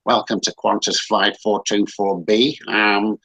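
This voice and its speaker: A man voicing a breezy male airline pilot making a jokey, deadpan intercom announcement in a put-on Australian accent. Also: lowish voice, a little slow, vocal fry, husky, voice pushed down, heavily acted, rough recording. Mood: mock-reassuring.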